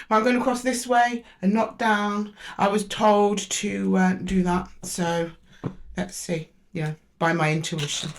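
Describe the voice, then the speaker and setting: Woman giving a hesitant tarot reading. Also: mid-range voice. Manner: talks to the zodiac sign directly, thinking aloud; hesitant, with frequent restarts while drawing cards. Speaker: tarot reader.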